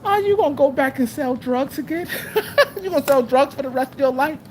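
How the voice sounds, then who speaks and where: A man's voice: very high voice, expressive, fairly quick, a little hiss or hum, pitched above the performer's own voice. Man mimicking a whiny nagging carpentry boss. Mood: scolding. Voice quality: whiny, nasal. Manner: lecturing, scolding. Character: nagging middle-aged male carpentry supervisor with an annoying little voice.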